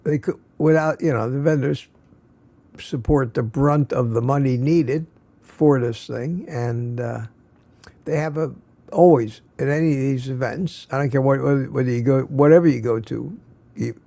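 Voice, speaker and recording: A tired older man hosting a live stream, chatting casually and haltingly with lots of restarts. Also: mid-range voice, vocal fry, dark tone. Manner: halting, many restarts and fillers.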